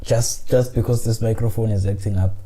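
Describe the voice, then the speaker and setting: Man, very dark voice, casual solo podcast, frustrated, rambling, phone mic. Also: fairly low pitch, fairly even intonation, brisk, poor audio. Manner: frustrated, swearing, rambling with restarts. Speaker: podcast host. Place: small room, indoors.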